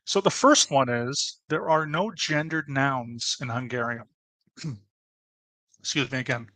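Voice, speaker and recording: Guy chatting through a lesson, bright voice, dry close mic. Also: mid-range voice, takes it slowly, no room sound. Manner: chatty, explains with asides and restarts. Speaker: presenter. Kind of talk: casual educational talk.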